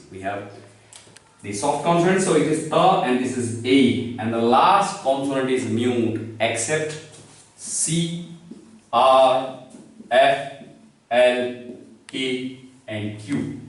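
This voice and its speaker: A man teaching a lesson, explaining step by step and asking his own questions before he answers them. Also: mid-range voice. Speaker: French teacher. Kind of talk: classroom lesson. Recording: echoey room, far from the mic.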